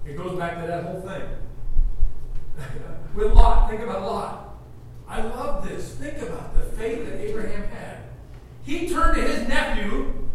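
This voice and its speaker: A man preaching a sermon with animated storytelling, acting out the dialogue himself, heard from afar in an echoey church hall. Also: high-pitched, far from the mic. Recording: echoey room from afar with faint noise.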